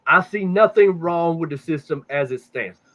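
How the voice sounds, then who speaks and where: A man's voice: fairly high pitch, normal speed, a bit bright. A man hosting a casual podcast, rambling and swearing a lot, often repeating words as he hunts for the next thought. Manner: profane, rambling, repeats words when stuck. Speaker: podcast host. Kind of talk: casual conspiracy talk. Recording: dull lo-fi sound.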